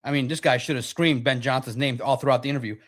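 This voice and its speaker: A man hosting a sports reaction livestream, animated and quick to act out quotes and laugh. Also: mid-range voice. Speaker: sports talk show host.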